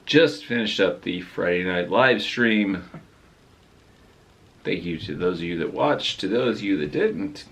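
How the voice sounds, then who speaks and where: A man talking casually to his viewers. He rambles and pokes fun at himself. His voice is low, gravelly and a bit husky. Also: expressive, unhurried, fairly bright tone. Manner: rambling and self-deprecating. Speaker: vlogger and live streamer. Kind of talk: casual vlog chat.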